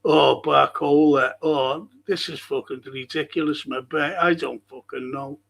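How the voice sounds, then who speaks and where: Male fan stream host, husky and slow, sweary rambling rants. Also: fairly high pitch, fairly even intonation, fairly bright tone. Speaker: football fan show host. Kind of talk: ranting live-stream monologue.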